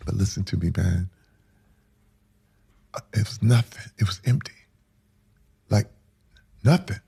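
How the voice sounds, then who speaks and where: A man in his forties telling a painful personal story in rough, casual speech that builds to loud intensity. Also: fairly low pitch, animated, a little slow, long pauses.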